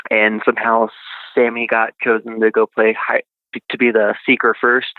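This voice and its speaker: A man's voice: fairly low pitch, monotone, normal speed, dry recording. A man recounting a childhood experience as a podcast guest, rambling with lots of fillers over a tinny phone line. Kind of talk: casual storytelling.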